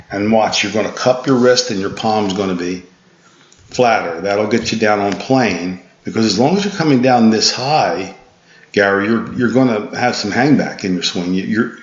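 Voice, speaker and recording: A man working as a golf instructor, patiently talking a student through a swing analysis in a tired, easygoing way with frequent restarts. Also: on the low side. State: tired, yawning. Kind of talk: swing analysis voice-over lesson. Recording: echoey, dull lo-fi sound.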